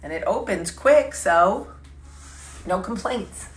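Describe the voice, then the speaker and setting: A woman hosting a casual vlog chat, telling stories with quick asides and self-corrections. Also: mid-range voice. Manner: chatty storytelling with quick asides; lively, laughing, self-correcting. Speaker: vlog host.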